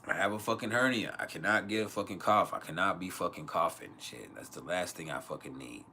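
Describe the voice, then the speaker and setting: A man's voice: low voice, expressive, a little fast, gravelly, bright, forceful tone, slight background noise. A man hosting an astrology livestream Q&A from home, talking in loose, profane, rambling rants with laughs. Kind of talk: casual livestream chat and Q&A.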